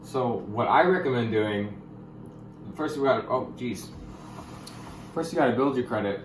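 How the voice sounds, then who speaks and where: A young man explaining money topics in a casual vlog, goofy and jokey, with sudden loud, excited bursts. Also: mid-range voice, normal speed, reverberant, slight background noise, low-quality recording. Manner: goofy, hyper bursts, calls viewers gamers. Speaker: YouTuber.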